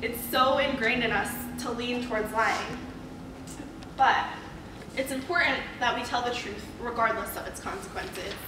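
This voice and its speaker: A young woman giving a speech to her class, asking her listeners rhetorical questions in a lively way. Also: fairly high pitch, normal speed. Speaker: student speaker. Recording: echoey room, far from mic, noisy.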